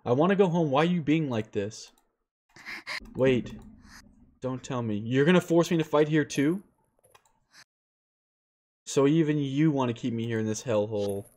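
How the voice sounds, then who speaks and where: A man reading aloud as a despairing young man, a former high school student trapped in a war, in a pleading, self-pitying way. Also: a little mellow, close to an everyday voice. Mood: desperate. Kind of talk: reading a visual novel aloud.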